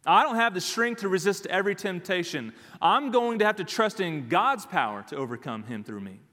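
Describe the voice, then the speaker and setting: A man's voice: high voice, big pitch swings, brisk, pushed and bright, big-room sound. A man preaching a sermon as pastor, emphatic and repeating his key phrases.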